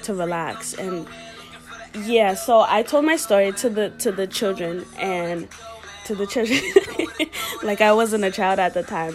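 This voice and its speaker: A woman earnestly telling a personal story, halting and emotional as she speaks. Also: medium pitch.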